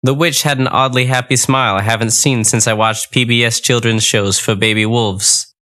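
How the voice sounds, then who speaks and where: Guy reading a goofy fairy tale audiobook, first person, breezy and deadpan, bright clear voice. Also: medium pitch, moderate pace. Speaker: audiobook narrator. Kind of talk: first-person comic storybook narration.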